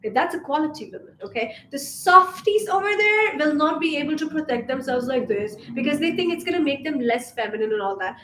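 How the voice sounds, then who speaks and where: A young woman from Asia delivers a casual vlog monologue as a femininity coach, sassy and emphatic, with swearing sprinkled in. Her voice sits high. The room gives it a roomy echo over a faint hiss. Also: animated, fairly quick, few pauses, fairly bright tone.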